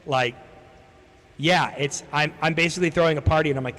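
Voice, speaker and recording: With a fairly high, steady, slightly bright voice, a young man talks at a fairly quick clip on his stream. He rambles through a story, swears liberally and acts out other people's words. Long reverb and faint background noise color the recording.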